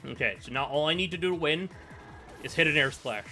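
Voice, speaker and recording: Bright-voiced young man narrating his game. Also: a little high, expressive, a little fast, faint music behind. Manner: mumbly play-by-play with fillers, bursting into loud frustrated yelling. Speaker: gaming YouTuber. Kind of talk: casual battle commentary.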